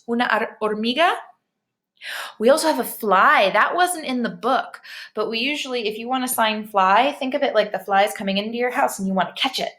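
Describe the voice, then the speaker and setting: A woman teacher reading a bilingual picture book aloud to young children, animated and gasping with excitement between pages. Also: a little high. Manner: animated, frequent gasps, bilingual English-Spanish reading.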